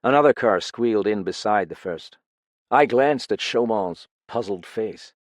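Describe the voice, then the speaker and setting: A man narrating an audiobook with a low voice and an animated, wide-ranging delivery. His reading is expressive and measured. The recording sounds dry and close. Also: dry recording. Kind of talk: scripted narration.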